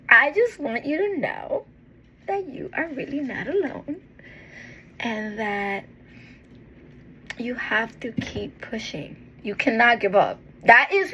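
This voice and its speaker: Woman vlogger talking slow and earnest, kinda high voice, heartfelt pep talk w pauses. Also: a bit bright, breathy edge, poor audio. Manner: earnest and tender, speaking with pauses and restarts. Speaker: motivational vlogger. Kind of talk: heartfelt encouraging monologue to camera.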